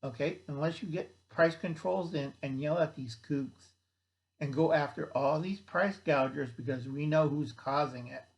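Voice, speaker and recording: A man's voice: on the high side, normal speed, vocal fry, lo-fi sound. A man hosting his own channel, giving a blunt, folksy, rambling monologue. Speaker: channel host.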